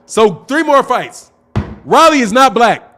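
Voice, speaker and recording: Very high and very animated, this man's voice sounds pushed and bright at a measured pace, with a slight hiss or hum. As a boxing channel host, he casually reads viewer chats aloud on his stream, chatty and loose, repeating himself and laughing a lot.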